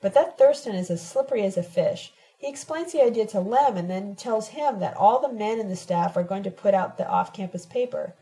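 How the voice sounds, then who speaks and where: A woman narrating a novel told in letters, reading in a steady, measured first-person voice. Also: mid-range voice, poor audio. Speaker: audiobook reader.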